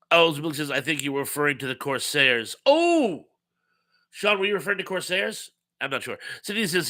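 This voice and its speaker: Congested man hosting a live chat, rambling and friendly in manner, bright and somewhat high. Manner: chatty, rambling, reads viewer comments aloud. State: stuffed up, congested. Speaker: host of a live chat stream. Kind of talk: casual live-stream chat reading comments.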